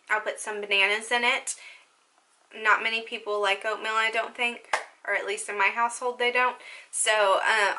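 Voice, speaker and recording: Bright, chatty young woman vlogger. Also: on the high side. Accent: Southern US country. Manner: rambling, upbeat, jumps between topics. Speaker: lifestyle vlogger. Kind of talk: casual chatty advice to viewers.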